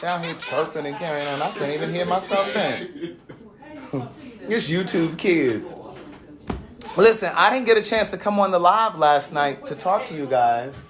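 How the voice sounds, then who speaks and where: Man in his forties, live-stream host, lively swinging pitch, chatty and laughing. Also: unhurried, long pauses, crowd noise. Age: 40s. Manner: animated and chatty, often laughing. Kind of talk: casual live-stream chat. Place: at home with family around.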